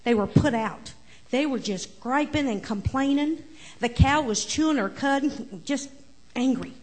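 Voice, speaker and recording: A woman tells a story to children during a church service. Her voice sits a little high, and she speaks with lively, animated energy that draws the kids in. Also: measured pace. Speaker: children's message presenter.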